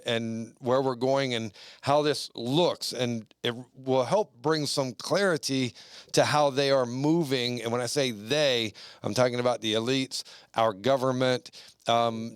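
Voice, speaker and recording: A man's voice: mid-range voice, smooth, no echo. A man hosting a casual podcast, chatting in a loose, rambling way full of fillers. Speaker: podcast host.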